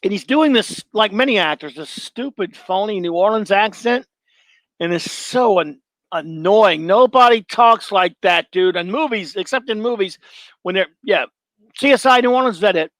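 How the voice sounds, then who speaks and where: Higher-voiced middle-aged man, blunt. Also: animated, normal speed, fairly bright tone, no echo. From Louisiana. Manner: blunt and opinionated, rambling with restarts. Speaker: show host. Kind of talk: casual live-show monologue, answering chat.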